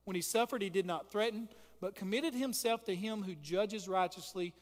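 A man's voice: high voice, moderate pace, long reverb tail. A man preaching a sermon as pastor, reading scripture and asking the congregation questions. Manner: impassioned preaching, reads scripture aloud, asks the congregation questions.

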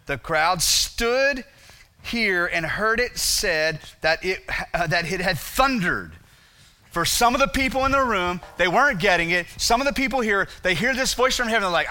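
A man preaching a sermon in a bright, fairly high voice. He pushes his points with rhetorical questions, then sinks into a hushed, low tone to let a line land. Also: expressive, a little slow. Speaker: pastor.

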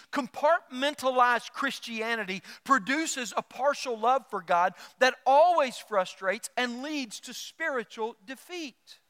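A pastor preaching a sermon, lively and joking, acting out quoted voices. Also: male voice, extremely high pitch, clear, resonant tone, long reverb tail. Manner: animated, acts out quoted voices and jokes.

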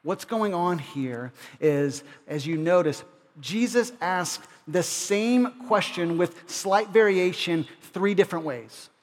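A man's voice: high-pitched, slow. A man preaching a sermon as pastor, explaining a passage conversationally, with frequent restarts. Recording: long reverb of a large hall.

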